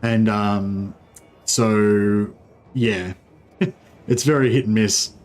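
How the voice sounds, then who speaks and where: A man's voice: lowish voice, steady tone, very slow. A man casually commentating a livestream of a strategy game, rambling with many fillers and restarts. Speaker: streamer.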